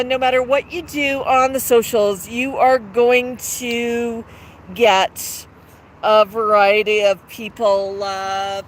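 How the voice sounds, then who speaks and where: A woman hosting a live stream from her outdoor patio, gushing in sing-song praise to her pet bird and chatting casually into a phone camera. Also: high-pitched. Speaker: livestream host with her parrot. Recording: outdoor street traffic noise.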